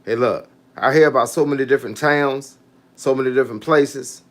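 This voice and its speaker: A man's voice: medium pitch, brisk, fairly bright tone. A fitness coach chatting casually on a live stream, often starting with "hey, look" and answering his viewers' comments. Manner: laid-back, repeats "hey, look" and reads out viewer comments. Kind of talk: casual livestream chat with viewers.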